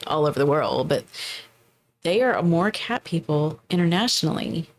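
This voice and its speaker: A woman in her forties co-hosting a podcast, chatting casually and rambling a little, with quick laughs. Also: deep voice, animated. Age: 40s. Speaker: podcast co-host. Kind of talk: casual chat.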